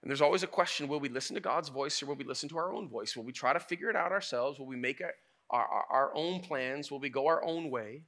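A man preaching a sermon as a pastor, telling stories in a lively, casual way. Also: a little high, fast. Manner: animated, casual storytelling preacher.

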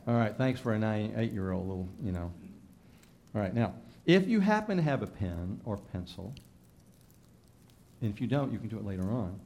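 A man preaching a sermon to his congregation, emphatic, rising loud on key lines and then dropping soft. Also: on the low side, slight background noise. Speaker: pastor.

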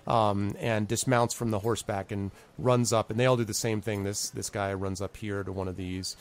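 A man's voice: flat delivery, normal speed. A man narrating a tabletop role-playing game as game master, with many ums and asides. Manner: rambling, lots of ums, pitches up for quoted characters.

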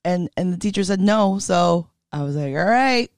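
A woman's voice: on the low side, moderate pace, no echo, studio quality. A woman chatting casually on a podcast, telling a story with frequent laughter and acted-out quotes. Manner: animated storyteller who laughs often and acts out quotes. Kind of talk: casual chat.

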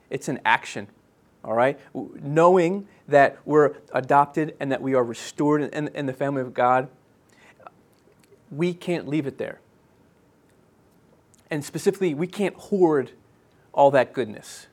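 A man in his thirties preaching a sermon as pastor, earnest and halting, with many restarts and fillers, dropping soft and slow on key phrases. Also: a little high.

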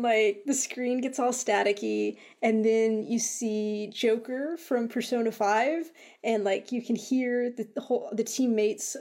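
A young woman with a slightly high voice chats casually as a co-host. She talks in an excitable, rambling way, full of fillers. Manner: chatty, excitable, lots of fillers. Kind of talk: casual chat about video game news.

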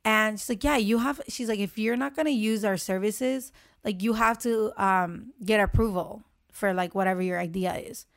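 A young woman in casual chat, telling a story with lively acted-out quotes and frequent swearing. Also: medium pitch, moderate pace. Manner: animated storytelling, acts out quotes, swears freely.

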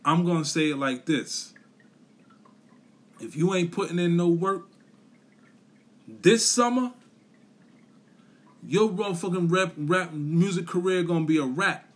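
A man delivers a blunt, profane pep talk on a podcast, hammering his points with repetition and street slang. His voice sits a little high for a man and has a husky, grainy edge. He swears freely and talks straight at the listener. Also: unhurried, long pauses. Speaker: podcast host. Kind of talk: profane motivational rant.

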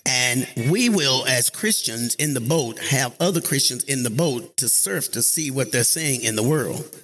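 A man preaching a sermon in church, lively, calling on the congregation and rising to shouts. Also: mid-range voice, unhurried, faint music behind. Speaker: pastor. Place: church sanctuary.

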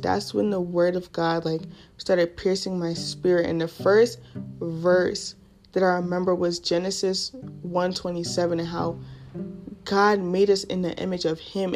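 A young woman telling her personal faith story on a podcast in casual, excitable speech full of fillers. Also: fairly low pitch. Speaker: podcast host.

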